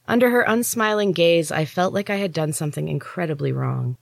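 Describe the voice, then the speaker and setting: A woman storyteller and author giving a steady, expressive first-person audiobook reading into a close mic. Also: low-pitched, normal speed, creaky, few pauses, no echo. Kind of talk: scripted audiobook narration.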